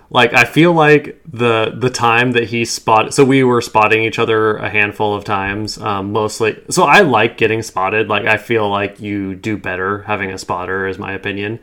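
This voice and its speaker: Man, fairly low voice, casual gaming podcast host, filler-heavy, rambling. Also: sharp tone.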